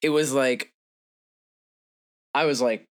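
A man's voice: mid-range voice, steady tone, slow pace, smooth. A man chatting casually about a tabletop game show, rambling with lots of fillers. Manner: rambling, filler-heavy storytelling. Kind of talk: casual podcast chat.

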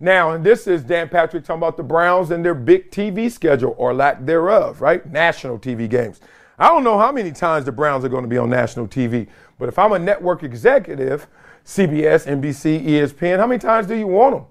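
A middle-aged man hosting a sports talk show, giving casual, animated commentary and acting out other voices in quoted bits. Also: a little high, fairly quick. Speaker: show host.

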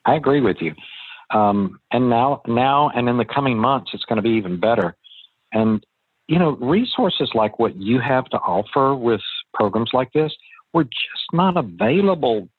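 A man's voice: mid-range voice, lively intonation, moderate pace, breathy edge, dry recording. Chatty man on a tinny phone line. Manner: chatty, folksy storyteller with many restarts. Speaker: real estate investor guest. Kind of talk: casual interview talk.

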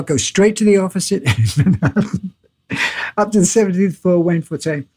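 An older man, a guest in a casual interview, telling animated anecdotes with laughs and swearing. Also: on the high side, slightly rough.

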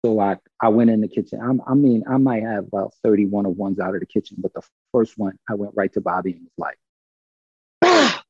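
A gravelly, husky man tells a story in a loose, animated way, doing the voices of everyone in it. The recording is dry and a bit dull, as if from a muffled close mic. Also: on the low side, fast, few pauses, dry recording. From Brooklyn, New York. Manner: animated, acts out quoted dialogue, swears freely. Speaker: guest telling a story. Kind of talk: casual storytelling.

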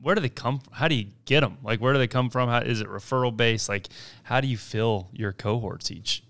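A man's voice: mid-range voice, fairly quick, fairly bright tone. A man hosting an interview, asking questions and giving supportive agreement. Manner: supportive, frequent agreeing backchannels. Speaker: podcast host. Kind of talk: conversational interview.

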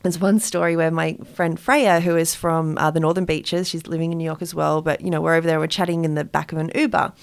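An Australian woman chatting as an interview guest, filling her talk with "you know" and quick asides. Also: low-pitched, steady tone, gravelly, clean tone. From Australia, small town. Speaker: guest, jewellery brand founder and author. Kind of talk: casual interview chat.

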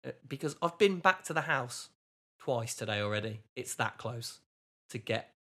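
Rambling podcast host, mid-pitched and chatty, recording from a hotel room. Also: male voice, expressive, normal speed, bright, forceful tone. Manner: rambling, chatty, self-deprecating. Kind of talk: casual chat.

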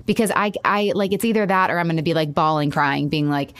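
A woman talking through a painful separation, halting with many restarts and quoting herself. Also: low-pitched, smooth. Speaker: caller seeking advice. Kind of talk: emotional personal conversation.

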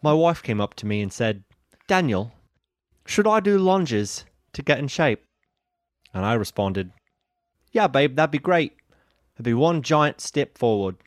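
A man co-hosting a wedding podcast in a relaxed, jokey way, reading the outro. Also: mid-range voice, unhurried, pauses often, dry recording, studio quality. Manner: jokey, does voices. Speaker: podcast co-host. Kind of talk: casual podcast chat.

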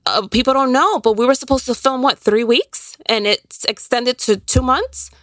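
A woman guest on a podcast, telling personal stories in an animated, emotional way. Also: high-pitched, moderate pace, no echo. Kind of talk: casual podcast interview.

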